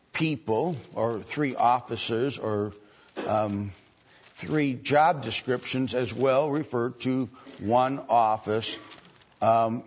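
A man teaching from the Bible in a slow, halting way, with many ums and restarts. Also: mid-range voice. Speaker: preacher. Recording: dull lo-fi recording.

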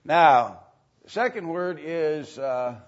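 A man teaching a sermon, speaking with many pauses and filler sounds. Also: fairly high pitch, expressive, a little hiss or hum. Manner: slow, halting, many fillers. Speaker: preacher. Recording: dull lo-fi sound.

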